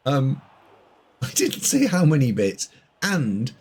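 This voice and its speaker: A man's voice: on the high side, huge pitch swings, slow pace, pauses often, darkish tone. A man streaming a board game live, bantering and teasing with his chat in casual commentary.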